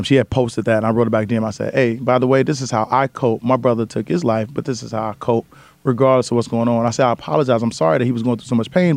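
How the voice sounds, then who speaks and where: A man's voice: medium pitch, vocal fry, no echo. A man, a comedian, talking casually in an interview, telling stories and acting out other people's voices. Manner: fast, animated storyteller acting out voices. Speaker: comedian guest.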